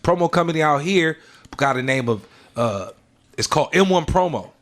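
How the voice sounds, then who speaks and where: A man from San Francisco talks casually on a podcast, easygoing and full of slang. His voice sits a little high for a man. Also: lively intonation, moderate pace, a bit bright. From San Francisco, California. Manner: laid-back, slangy storytelling. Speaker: guest, mixtape host and former hype man.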